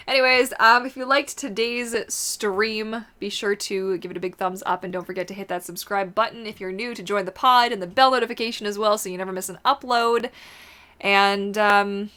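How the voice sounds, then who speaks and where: A woman's voice: mid-range voice, normal speed, bright, forceful tone. Casual female livestream host, chatty, reads out and answers viewer comments.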